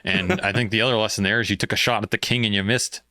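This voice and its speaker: A man's voice: lowish voice, fairly even intonation, fast, sharp tone, no echo. A man co-hosting a casual podcast, teasing his partner with dry ribbing. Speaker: podcast co-host. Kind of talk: casual chat.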